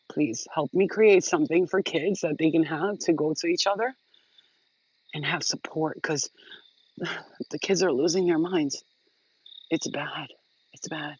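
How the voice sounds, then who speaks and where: A woman's voice: fairly low pitch, darkish tone, dry recording, muffled recording. A woman hosting her own channel, telling rambling, profane stories in a casual vlog. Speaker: channel host.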